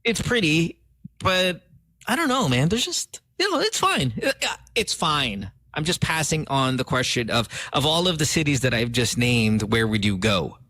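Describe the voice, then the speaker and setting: A man hosting a morning radio show, loose and joking as he reads listener shout-outs and banters with co-hosts. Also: on the high side, very animated, normal speed, dry recording, clean studio sound. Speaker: radio host. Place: radio studio.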